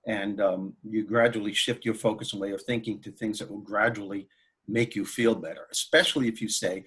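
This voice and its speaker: A man who is a comedian and motivational speaker, telling anecdotes as a guest in an interview in an animated way. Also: lowish voice, fairly quick, slightly rough. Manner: animated, anecdotal, laughs while telling stories. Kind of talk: storytelling in an interview.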